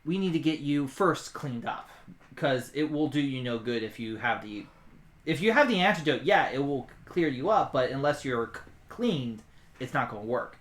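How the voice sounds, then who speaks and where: A man's voice: medium pitch, lively intonation, moderate pace, a bit bright, close to an everyday voice. A man voicing a stern female dwarf, loyal to her council, who talks curtly and snaps. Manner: curt, snapping. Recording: roomy echo.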